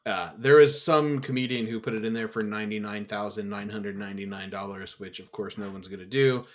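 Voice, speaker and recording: A man hosting a casual podcast chat, relaxed and loose, swearing freely and leaning on lots of "uh" fillers. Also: lowish voice, brisk. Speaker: podcast host.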